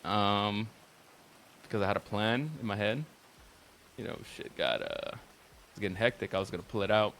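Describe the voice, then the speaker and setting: A man's voice: lowish voice, animated, moderate pace, vocal fry, pauses often, fairly bright tone, a little hiss or hum. Casual man recapping a roleplay story. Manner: profane, rambling recap with frequent filler words. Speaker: roleplay streamer.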